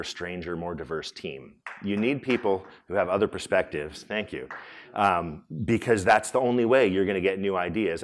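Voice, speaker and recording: Guy with a deep voice giving a talk at a conference, chatty, restarts a lot, keeps polling the crowd. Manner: conversational, many fillers and restarts, polls the audience. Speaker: conference speaker and room host. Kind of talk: conference talk to a live audience. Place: conference hall.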